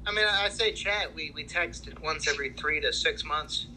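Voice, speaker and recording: Casual male talker, very bright and ringing tone, slightly high voice, halting and boastful, faint room ambience. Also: slight background noise, poor audio. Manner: halting, many restarts, boastful. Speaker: fantasy league player. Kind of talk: casual banter about fantasy sports.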